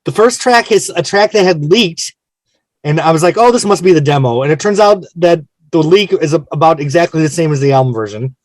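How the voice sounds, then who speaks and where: A man's voice: on the high side, fairly quick, dry recording. Chatty man hosting a music podcast. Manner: chatty, self-mocking, frank. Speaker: podcast host. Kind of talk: casual album discussion.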